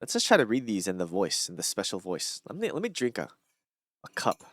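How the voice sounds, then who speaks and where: A man on a solo stream, rambling and reflective, with a lively, swooping pitch. His voice is close and dry with no room sound. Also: a little fast, dry recording. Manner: rambling, reflective, many fillers and restarts. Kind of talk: casual solo talk reading and musing on thoughts.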